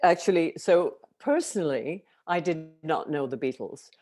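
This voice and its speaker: An older woman from Liverpool with a softened Liverpool accent, chatting as an interview guest and telling stories. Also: low-pitched, lively intonation. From England. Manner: chatty storyteller, quick affirmations. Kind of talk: casual interview chat.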